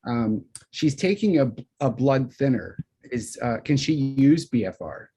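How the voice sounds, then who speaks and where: Man, webinar host, husky, hesitant, asks questions. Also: mid-range voice, lively intonation, a little slow, mellow. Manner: hesitant, many fillers and restarts. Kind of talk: moderating questions.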